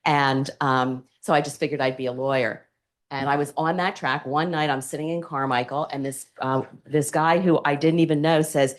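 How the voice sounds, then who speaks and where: A woman, an alumna panelist telling lively stories and acting out the people in them. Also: low-pitched, moderate pace. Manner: animated storyteller acting out quotes. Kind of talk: storytelling on a panel.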